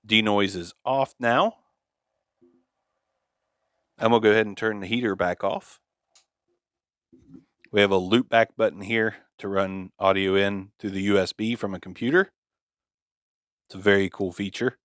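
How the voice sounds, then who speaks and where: A man's voice: on the low side, steady tone, normal speed, pauses often, a bit bright, clear, resonant tone, dry recording. A man reviewing an audio device, thinking aloud in a casual, hesitant way on a studio microphone in a home studio. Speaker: gear reviewer. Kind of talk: casual product demonstration. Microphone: XLR microphone on boom arm.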